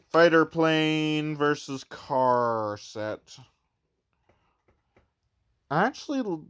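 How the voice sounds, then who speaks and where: Slow, smooth-voiced man reviewing toys. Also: fairly high pitch. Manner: rambling, hesitant, with many fillers and restarts. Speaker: toy collector reviewer. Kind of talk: casual unboxing review.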